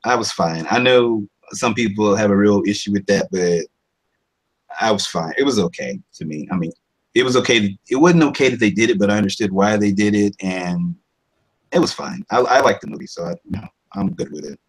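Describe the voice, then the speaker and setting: A man's voice: animated, brisk, slightly rough, rough recording. A man in his thirties, a voice over artist, talking casually in an interview, rambling with many restarts. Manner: rambling, restarts often, jumps into higher impressions.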